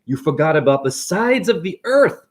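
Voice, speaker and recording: A man rambling excitedly and preachily through a livestream monologue from his apartment, jumping from idea to idea. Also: a little high, moderate pace. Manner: excitable, preachy, jumps between ideas. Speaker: self-styled spiritual teacher.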